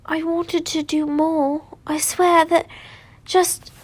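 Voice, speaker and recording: A woman voicing a shy, tearful young man apologizing to his lover, in a hushed, hesitant way. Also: very high voice, little pitch movement, slow, no echo. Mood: remorseful.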